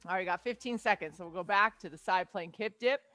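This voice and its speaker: A woman's voice: mid-range voice, fast, bright, forceful tone, no room sound. Upbeat woman fitness coach calling cues. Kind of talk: coaching a home workout. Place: home workout space. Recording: dry close sound with faint music behind.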